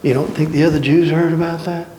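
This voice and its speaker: A man teaching a church Bible study in a folksy, animated storytelling way, with playful asides. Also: a little high, fast talker. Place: church hall. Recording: echoey hall with background noise.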